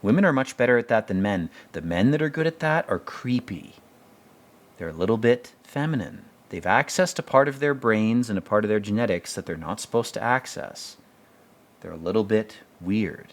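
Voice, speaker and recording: A man's voice: lowish voice, expressive, normal speed. A man hosting a podcast, giving blunt, profane, rambling commentary on a TV episode. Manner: blunt, profane, rambling, with mocking quoted voices. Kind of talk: casual opinionated commentary.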